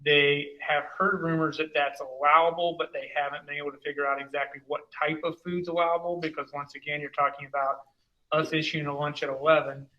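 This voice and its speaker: A man's voice: a little high, little pitch movement, brisk, lo-fi sound. A man giving a conversational, rambling report as superintendent at a school board meeting. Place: meeting room.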